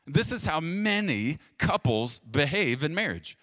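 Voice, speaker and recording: A man preaching a sermon to viewers, emphatic and plain-spoken, dropping to hushed low lines between loud stresses. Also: sing-song, unhurried, hardly any pauses, dry recording, studio quality. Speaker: pastor.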